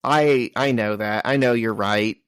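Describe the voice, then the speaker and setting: A man's voice: on the low side, a little slow, fairly bright tone, clean tone, no room sound. A man co-hosting a casual comic-book podcast, arguing his view of the characters. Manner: argues his point, defending characters. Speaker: podcast co-host.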